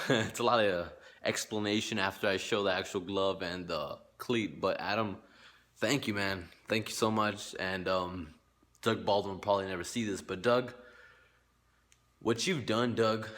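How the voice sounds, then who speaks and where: A man's voice: on the low side, fairly bright tone. A man telling a personal story to his vlog viewers in a rambling, repetitive way, full of casual slang and quoted back-and-forth. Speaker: fan vlogger.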